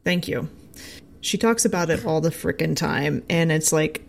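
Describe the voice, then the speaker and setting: Woman, podcast host, lower voice, chatty, casual lore chat. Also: moderate pace, gravelly. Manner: chatty, laughs often.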